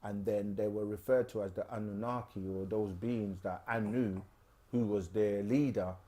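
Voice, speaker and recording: Guy hosting a live q&a, low mellow voice, loose rambly explaining. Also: fairly even intonation. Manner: loose, unhurried, many fillers. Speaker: host of a live Q&A stream. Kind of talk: casual explanatory talk.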